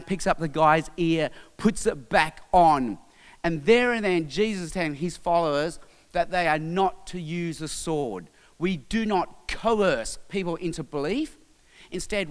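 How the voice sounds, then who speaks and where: An Australian man giving an emphatic sermon-style talk, pausing on each item in his lists. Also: on the high side, smooth. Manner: emphatic, listing words with pauses. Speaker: speaker. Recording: reverberant hall.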